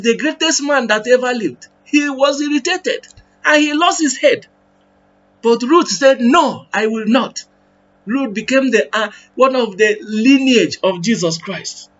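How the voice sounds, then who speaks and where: A man's voice: extremely high pitch, fairly bright tone, highs cut off. A man preaching a sermon and leading a prayer, fervent and repetitive in his appeals.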